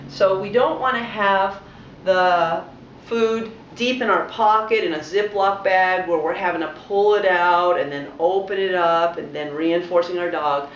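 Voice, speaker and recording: A woman dog trainer calmly explaining, step by step, how to train a dog. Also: on the low side, a little slow, slight background noise. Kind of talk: instructional voice-over. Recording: roomy, dull lo-fi home video audio.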